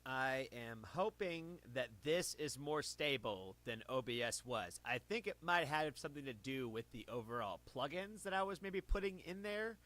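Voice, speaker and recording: A man's voice: mid-range voice, animated, normal speed, few pauses, a bit bright. A man casually chatting to viewers on a livestream, rambling and correcting himself while he talks close into his own streaming mic. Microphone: own streaming mic, adjusted close.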